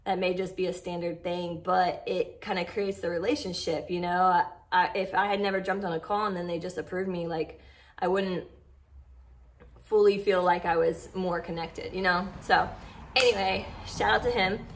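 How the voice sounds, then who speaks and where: A woman's voice: fairly low pitch, steady tone, normal speed. A woman chatting heartfelt to her followers in a casual vlog, full of "like" and "you know". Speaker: vlogger.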